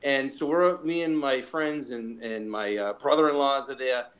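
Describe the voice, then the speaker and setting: A man hosting a podcast in casual chat, profane and animated as he tells stories. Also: mid-range voice, moderate pace. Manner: profane, animated storytelling with many restarts. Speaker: podcast host.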